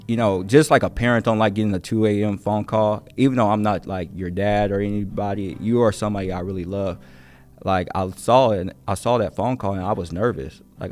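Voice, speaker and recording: A man's voice: fairly low pitch, darkish tone. A man, a teacher hosting a podcast, talks with a student in an earnest, encouraging and casual way, full of fillers and slang. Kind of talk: earnest conversational interview.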